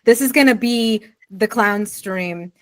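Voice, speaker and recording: A woman's voice: mid-range voice, slow, dry recording. A woman player in a tabletop game, playfully and animatedly describing her character in casual chat.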